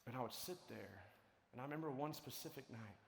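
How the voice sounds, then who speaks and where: A man telling a story in a sermon to students, swinging between loud, lively stretches and hushed ones. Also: mid-range voice, a little fast, vocal fry, slight background noise. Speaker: conference speaker. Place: large hall. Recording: echoey large hall.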